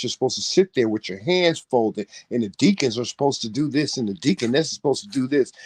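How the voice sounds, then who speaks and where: A man's voice: a little high, darkish tone, dry recording. A man in casual chat, talking animatedly in a preachy way and swearing freely. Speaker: co-host.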